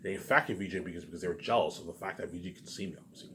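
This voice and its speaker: A man with a fairly low voice rushes through a rambling vlog monologue, circling back to the same points again and again. His talk is loose and profane, and a faint ambient hum sits behind him. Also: sharp tone. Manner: rambling and repetitive, with frequent swearing. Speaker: vlogger. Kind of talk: casual rambling monologue to camera.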